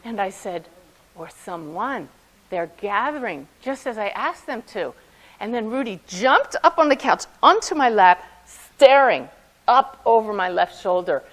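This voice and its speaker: A woman, a medium, telling lively personal stories to a conference audience, often laughing as she speaks. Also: mid-range voice, a little slow, low-quality recording. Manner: animated anecdotes with frequent laughter. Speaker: medium giving a talk. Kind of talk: storytelling talk to an audience.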